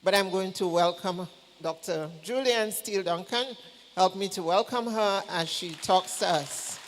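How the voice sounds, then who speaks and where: High-voiced male church emcee. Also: measured pace, a little hiss or hum. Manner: relaxed, chatty, with small jokes. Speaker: program host introducing speakers. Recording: church hall reverb, faint ambience.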